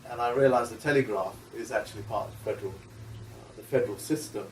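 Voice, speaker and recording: Low-voiced man in an echoey room. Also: distant mic, slight background noise. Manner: halting, with many restarts and laughs. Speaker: interview guest. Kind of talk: casual conversation.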